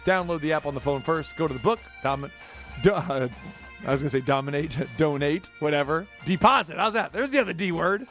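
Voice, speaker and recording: A man's voice: fairly high pitch, fairly bright tone. A man hosting a sports talk radio show, playful and jokey, reading ads between segments. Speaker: radio host.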